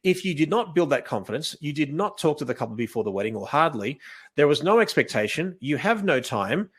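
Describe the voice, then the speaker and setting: A man teaching wedding photography in a casual, animated way, acting out what he says to couples and often restarting his sentences. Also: fairly high pitch, a little fast, slightly rough. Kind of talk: casual coaching talk.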